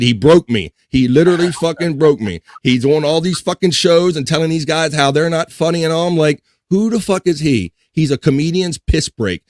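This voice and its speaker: A man's voice: fairly high pitch, a little hiss or hum. A man hosting a casual livestream podcast, reading chat and ranting with heavy swearing and frequent laughter. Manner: profane, ranting, laughing while venting.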